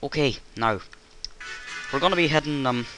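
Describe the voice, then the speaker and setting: A man hosting a video game let's play, joking around between moves. His voice sits at an ordinary middle pitch. Game music plays clearly behind him. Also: moderate pace, pushed and bright, rough recording. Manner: playful, jokey, breaks into sketches. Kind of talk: game commentary.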